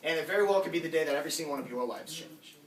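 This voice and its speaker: A young college-age man giving an energetic recruiting pitch to a small group at a house, talking straight to the audience. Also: rapid-fire. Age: young adult. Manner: energetic, addresses crowd directly, acts out quoted dialogue. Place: house basement room. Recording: echoey room from far off, faint noise.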